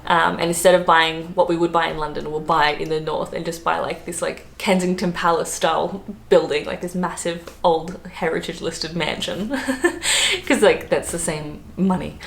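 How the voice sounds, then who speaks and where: A hungover Australian woman chatting casually to camera as a travel vlogger, full of fillers and quick laughs. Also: lowish voice, vocal fry, a bit bright. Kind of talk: casual vlog chat. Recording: roomy echo, faint background noise.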